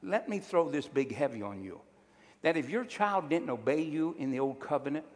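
A man's voice: on the high side, animated, normal speed, long reverb tail. A male pastor preaching a sermon, emphatic and drawing call-and-response from his congregation.

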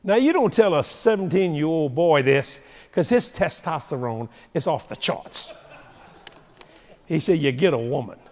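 Funny preacher guy, super lively voice, story-style sermon, long echo in a big hall. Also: a little high, a little slow. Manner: humorous, animated storytelling. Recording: long reverb of a large hall.

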